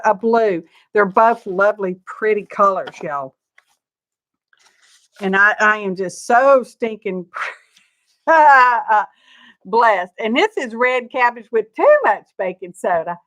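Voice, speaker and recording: An older woman, chatty and gushing, hosting a live craft show-and-tell from her studio. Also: on the high side. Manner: chatty and gushing, greets viewers by name, frequent laughs. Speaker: craft channel host.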